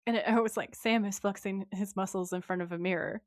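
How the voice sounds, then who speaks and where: A woman's voice: medium pitch, steady tone, a little fast, dry recording, clean studio sound. A woman, co-hosting a podcast and animatedly recapping an episode, acting out quotes from her notes. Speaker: podcast co-host. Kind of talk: casual recap chat.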